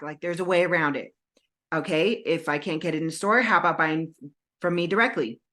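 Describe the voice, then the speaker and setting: A woman co-hosting a podcast, telling a story with lively energy and acting out her own phone calls. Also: low-pitched, fairly quick. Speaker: podcast co-host, indie author. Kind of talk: casual podcast chat. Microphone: home setup with green screen, video call.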